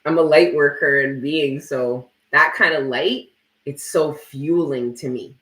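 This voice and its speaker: A man's voice: a little high, measured pace, sharp tone, echoey room, poor audio. A man hosting a tarot live stream, chatting casually and bluntly with plenty of swearing while reading viewer comments aloud. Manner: casual, blunt and profane, lots of "like".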